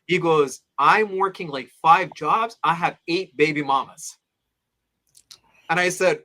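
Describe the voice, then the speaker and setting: A man in his thirties, an interview guest, telling personal stories in an animated way and acting out his friends' voices. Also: a little slow. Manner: animated, acts out friends' voices with big pitch jumps; addresses host as "my beloved father". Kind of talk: storytelling in casual interview.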